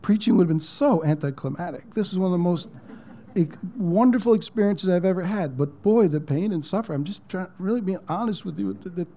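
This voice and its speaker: On a lo-fi recording, a man preaches a storytelling sermon in a high, expressive, dark-toned voice at a slightly fast pace. He speaks conversationally, repeats words, and goes nearly to a whisper during emotional passages.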